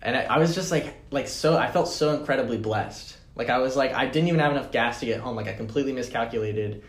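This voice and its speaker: A man's voice: mid-range voice, fast talker. Rambling young man telling a story. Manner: rambling, fillers like 'like' and 'man'. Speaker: podcast guest. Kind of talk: casual storytelling. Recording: roomy echo.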